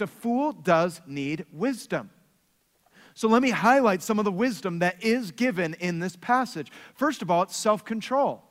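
A high-pitched male pastor in his thirties preaches with earnest conviction, now and then breaking into playful asides about his own family. His voice rings out in a church hall with a long reverb tail. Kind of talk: sermon.

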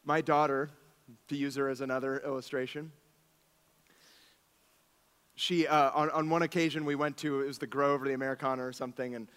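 A man in his thirties, a pastor preaching a sermon, telling stories with animated swings from soft asides to exclamations. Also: mid-range voice, fairly quick, pauses often, clean tone, long reverb tail.

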